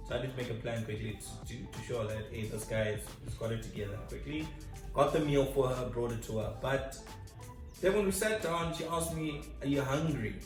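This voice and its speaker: Man from zimbabwe, casual storytelling, self-mocking, very echoey room, distant mic, soft music. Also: mid-range voice. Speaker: vlog co-host.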